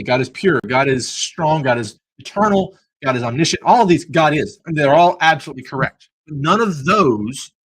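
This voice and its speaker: A man's voice: a little high, a bit bright, slightly rough, low-quality recording. A man hosting a livestreamed Bible study podcast, talking in an earnest, preacherly way with jokey asides. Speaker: podcast host.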